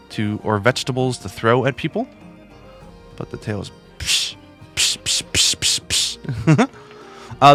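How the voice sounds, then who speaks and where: A man's voice: medium pitch, fairly bright tone. A man hosting a video and reviewing plush toys in a chatty, casual way, with lots of asides. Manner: chatty, with many fillers and asides.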